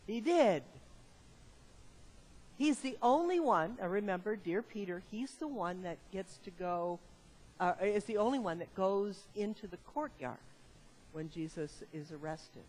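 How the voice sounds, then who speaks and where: Slow, lively woman preaching a sermon. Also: medium pitch. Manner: lively, conversational, asks the audience questions.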